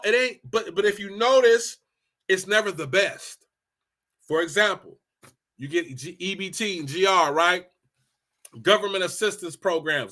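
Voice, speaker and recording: A man from Los Angeles with a high, sharp voice holds forth in a casual rant. He is blunt and profane, and he repeats himself for emphasis. His tone is animated and forceful throughout. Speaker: commentator.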